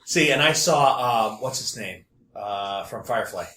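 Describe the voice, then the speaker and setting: A man's voice: medium pitch, expressive, a little slow, bright, forceful tone. A man playing in a tabletop game, chatting casually and playfully on a podcast. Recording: echoey room.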